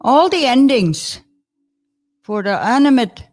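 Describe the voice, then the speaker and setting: A woman teaching words in a slow, patient language lesson. She chats between words, chuckles often and sounds out each new word carefully. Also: high voice, sing-song, a little mellow.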